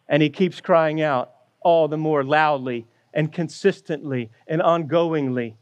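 Earnest guy preaching a sermon, high voice, takes his time. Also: measured pace, no room sound, muffled recording. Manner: earnest, storytelling with acted quotes. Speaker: pastor.

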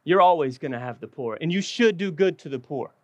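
A preacher, a man whose voice sits high for his sex, delivers a sermon with fervor. He often sinks low and slows right down to stress a point. The sound is dry and close, with no room echo. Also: lively intonation. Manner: passionate preaching, dropping low and slow for emphasis. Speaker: pastor.

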